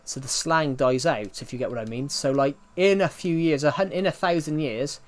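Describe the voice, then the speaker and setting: A man's voice: a little high, moderate pace. A young man from the UK with a British accent that is not from London. He chats casually on a game live stream, rambling, repeating himself and saying "um" often. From United Kingdom. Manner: rambling, repeats himself, frequent "um" and "if you get what I mean".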